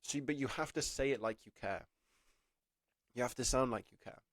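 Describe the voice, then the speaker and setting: Here a young man with a mid-range voice gives rambling, casual apprenticeship advice to camera at a moderate pace. "Like" fills his speech, and he's frequently self-conscious and laughing. The recording is dry, with clean studio sound.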